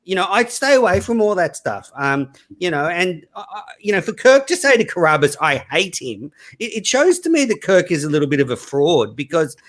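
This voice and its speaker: Slightly high-voiced hesitant male guest. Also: sing-song, a little fast, hardly any pauses. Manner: hesitant, filler-heavy, defensive. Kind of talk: casual chat.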